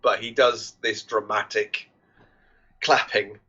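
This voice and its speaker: A man's voice: on the low side, fairly even intonation, slow, bright, forceful tone. A man co-hosting a podcast, casually retelling film scenes and quoting the characters, with lots of restarts. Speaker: podcast co-host. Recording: dull lo-fi podcast audio.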